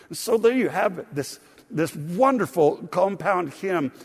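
A man's voice: high voice, lively intonation, unhurried, creaky, husky. A man preaching a sermon as pastor, reading scripture expressively with frequent fillers. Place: church sanctuary. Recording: long reverb of a large hall.

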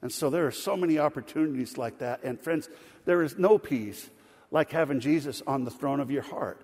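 A middle-aged man preaching a sermon, telling a folksy story with laughter in an animated way. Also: medium pitch, normal speed, breathy edge. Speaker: pastor. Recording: sanctuary reverb.

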